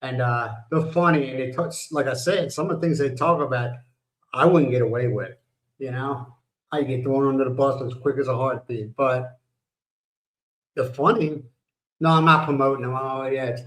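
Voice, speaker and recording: A man's voice: mid-range voice, normal speed, a bit bright, poor audio. An older man from the United States hosting a casual livestream, rambling and blunt, swearing now and then. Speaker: livestream host. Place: home in the Philippines.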